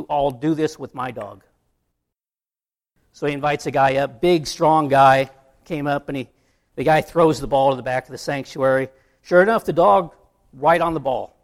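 A man preaching a sermon, telling an illustration story in a conversational way. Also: fairly high pitch. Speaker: pastor.

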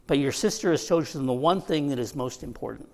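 A man playing a tender, gentle man soothing someone who is worried, his tone kind and easy. The voice is a touch raised and quiet, and the words come gently and without hurry. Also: on the high side, fairly quick, gravelly. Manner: soft, kindly and reassuring.

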